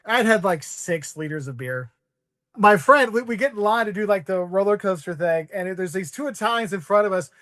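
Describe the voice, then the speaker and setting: A man's voice: high-pitched, lively intonation, fairly quick, a bit bright, dry recording, studio quality. A man in his forties, a guest on a podcast, rambling through travel stories and acting out voices in quotes. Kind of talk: casual storytelling.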